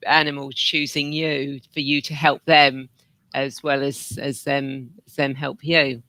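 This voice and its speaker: A man's voice: medium pitch, level tone, a little slow, pushed and bright, no room sound. A man hosting an interview, hesitant with many ums, reading out listener comments. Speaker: podcast host. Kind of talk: casual interview chat.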